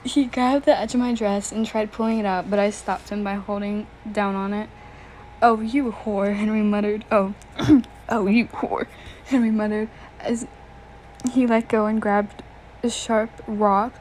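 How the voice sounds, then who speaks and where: A woman's voice: mid-range voice, fairly even intonation, normal speed, a little mellow, a little hiss or hum, rough recording. A young woman reading fan fiction aloud, often breaking off to giggle, react and joke. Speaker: story reader.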